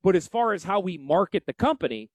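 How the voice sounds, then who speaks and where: A man with a Yankee accent hosting a financial show, brash and salesy in a folksy promotional pitch. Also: sing-song, quick pace, a little mellow, no room sound. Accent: Northeastern US. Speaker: financial advisor and show host. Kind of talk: promotional radio talk.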